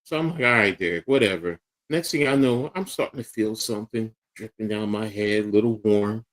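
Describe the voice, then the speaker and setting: A man's voice: lowish voice, a little fast. A middle-aged man with a Philadelphia accent, co-hosting a casual talk show and animatedly acting out the voices in his stories. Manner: animated storyteller acting out quotes. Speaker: podcast co-host. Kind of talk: casual storytelling chat.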